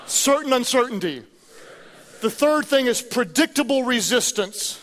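High-voiced man preaching in a reverberant hall. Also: a little slow. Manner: energetic storytelling with humor. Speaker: pastor. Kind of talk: sermon. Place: large church auditorium.

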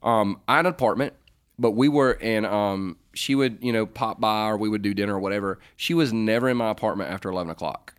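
A man's voice: fairly low pitch, fast talker, smooth. A middle-aged man co-hosting a casual faith advice chat, joking and rambling as he answers listener questions. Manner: joking, rambling, self-correcting.

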